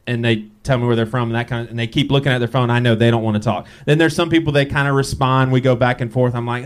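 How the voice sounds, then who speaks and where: A man's voice: mid-range voice, fast, few pauses. A man chatting on a podcast, telling stories and lifting his voice when he quotes people. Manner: storytelling, animated when quoting others. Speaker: podcast co-host. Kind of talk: casual podcast chat.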